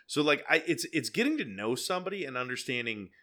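A man's voice: mid-range voice, very animated, fast talker, bright, forceful tone. A man in casual chat who explains things by breaking them down, often restarting his sentences.

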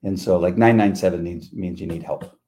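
Middle-aged guy on a podcast, lowish voice, warm and mellow, tells stories. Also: brisk. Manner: laid-back storyteller, acts out quotes. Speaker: podcast co-host. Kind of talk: casual chat.

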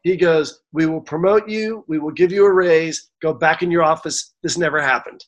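A man in his forties, a songwriter guest, telling a story in an interview, animated and acting out the dialogue, at times getting emotional. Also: on the high side, normal speed, slight background noise. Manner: animated, acts out quoted dialogue; gets emotional.

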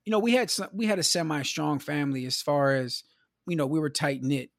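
A man's voice: fairly high pitch, fairly quick, dry recording, studio quality. Man from the Midwest, casual storyteller. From Milwaukee, US Midwest. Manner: loose and conversational, peppers talk with "you know", "man" and "bro". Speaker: podcast guest.

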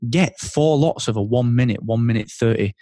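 A man talking as a guest on an interview podcast, animated and thinking aloud with restarts. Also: medium pitch, normal speed, no room sound, studio quality. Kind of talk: casual interview chat.

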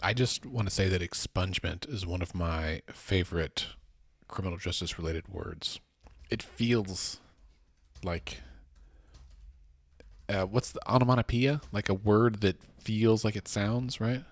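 A man with a very deep voice talks through the week's policy news in a casual, rambling way. He corrects himself mid-sentence and slips in jokes. The sound is close and dry, with no room around it. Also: unhurried, no echo. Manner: rambling, self-correcting, joking. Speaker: podcast co-host.

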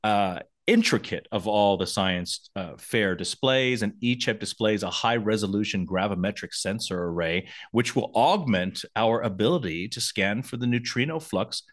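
A man's voice: lowish voice, normal speed, few pauses. A middle-aged man co-hosting a podcast, chatting casually and laughing often in a playful way. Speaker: podcast co-host. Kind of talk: casual rewatch chat.

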